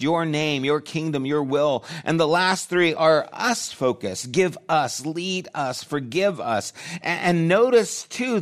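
A man preaching a sermon, talking in a conversational way and thinking aloud with restarts. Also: on the high side. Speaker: pastor.

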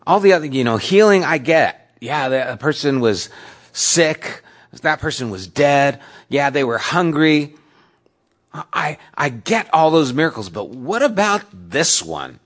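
A pastor delivers a sermon conversationally, putting questions to his listeners and swinging between loud emphasis and soft, low asides. His delivery is sing-song and unhurried.

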